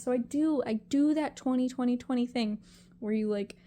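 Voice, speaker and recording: A young woman talking to camera in a confessional vlog, emotional and halting as she rambles through a hard week. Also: on the high side, dark tone. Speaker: vlogger.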